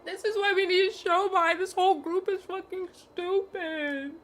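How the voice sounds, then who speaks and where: A young woman streaming a game, talking to her chat, loud, emotional and profane, laughing often. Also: extremely high pitch, fairly even intonation, measured pace.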